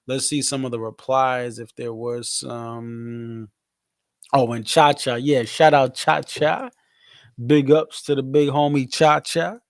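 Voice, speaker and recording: A man from Connecticut hosting a casual post-show livestream, reading fan comments and giving loose, hyped shout-outs. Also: medium pitch, little pitch movement, takes it slowly, dry recording. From Connecticut, USA. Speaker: livestream host.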